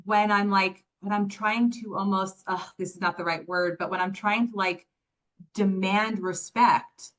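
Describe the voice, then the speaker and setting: A woman's voice: mid-range voice, steady tone, unhurried, fairly bright tone. Chatty, candid woman podcast guest. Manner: chatty and candid, many "like" and "right?" fillers. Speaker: podcast guest, business founder. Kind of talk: casual podcast conversation.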